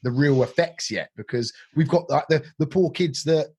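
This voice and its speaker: A man's voice: a little high, moderate pace, darkish tone, a little hiss or hum. A middle-aged man hosting a podcast, talking informally and swearing casually. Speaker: podcast host.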